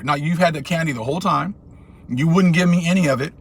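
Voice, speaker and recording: A man talking in a casual commentary monologue, animated and laughing as he acts out little skits. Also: fairly high pitch, fast, vocal fry, slightly rough. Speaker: channel host.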